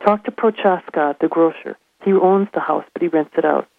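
A woman reading as a gruff Scottish foreman. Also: sits low, moderate pace, no echo. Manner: blunt, commanding, plainspoken. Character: burly middle-aged Scottish mill foreman, gruff. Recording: tinny phone line.

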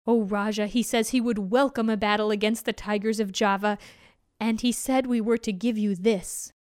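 A woman voicing faithful male tiger servants in a storybook, speaking urgently and gruffly. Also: mid-range voice, steady tone, moderate pace, a little mellow, no echo, studio quality, natural voice.

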